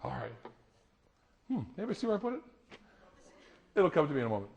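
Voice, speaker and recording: Animated man telling stories on stage. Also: sits high, fast. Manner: animated storytelling with laughter. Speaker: motivational speaker. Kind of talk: live talk to an audience.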